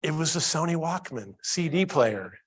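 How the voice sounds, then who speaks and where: A man with a fairly high voice gives a training talk to a live audience. He tells a story and keeps turning to the crowd with questions. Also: animated, moderate pace. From Columbus, Ohio. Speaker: workplace training speaker.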